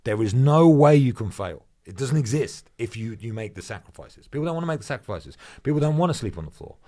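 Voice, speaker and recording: A man's voice: medium pitch, very animated, fast talker, dark tone. A man, a professional fighter, talking bluntly and emphatically as a guest in a casual podcast conversation and swearing freely.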